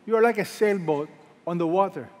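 A man's voice: high-pitched, a little fast, long reverb tail. A man preaching a sermon as a pastor, emphatic and repeating key words, asking the congregation questions.

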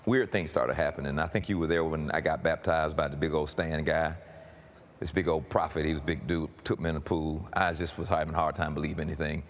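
A man preaching a personal testimony, swinging from quiet storytelling to shouted emphasis and often stammering repeated words. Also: extremely low pitch, fairly even intonation, fairly quick. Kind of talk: sermon testimony.

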